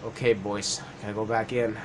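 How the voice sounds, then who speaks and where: A man's voice: on the low side, level tone, normal speed, background noise. A young man giving casual, profane, joking commentary while playing a video game. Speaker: let's play gamer.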